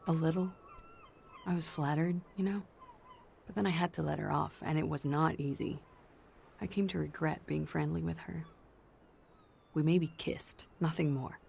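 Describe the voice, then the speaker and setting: A woman's voice: deep voice, steady tone, moderate pace, creaky, long pauses, a little mellow, slight background noise. A woman voicing a young female fugitive under questioning in a video game, with a tired, guarded and evasive manner. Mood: confessing.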